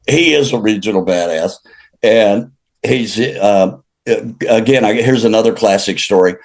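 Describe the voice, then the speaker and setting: A man's voice: lowish voice, unhurried. An older man from Illinois, a country singer guest, telling rambling, jokey stories in a casual chat and laughing at his own tales. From Illinois, USA. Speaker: interview guest, country recording artist.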